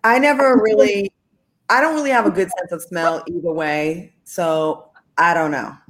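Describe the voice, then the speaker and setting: A woman's voice: fairly low pitch, normal speed. A woman guest on a call-in show, telling stories candidly and laughing often. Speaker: guest, former reality TV cast member. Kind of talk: casual interview chat.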